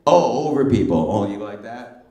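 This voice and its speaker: A man's voice: medium pitch, animated, moderate pace, vocal fry, mellow. A middle-aged male stand-up comedian doing brash, teasing crowd work with plenty of slang. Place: comedy club stage. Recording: roomy club sound from a distance. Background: audience laughter.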